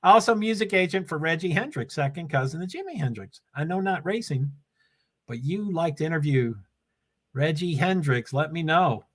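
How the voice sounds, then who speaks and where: A man's voice: a little high, animated, normal speed, a bit bright. Rambling older man on a laptop stream. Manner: chatty and scattered, reading viewer comments aloud. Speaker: livestream host. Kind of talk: rambling casual livestream chat.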